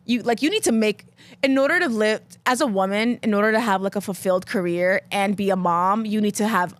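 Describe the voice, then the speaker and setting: A woman's voice: mid-range voice, fairly quick, dry recording. A young woman comedian co-hosting a casual podcast, talking candidly and acting out quoted lines in a joking way. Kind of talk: casual chat.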